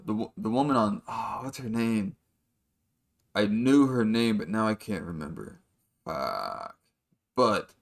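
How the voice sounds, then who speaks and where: A man hosting a podcast, rambling through a casual story, swearing freely and acting out the people in it. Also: medium pitch. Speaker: podcast host.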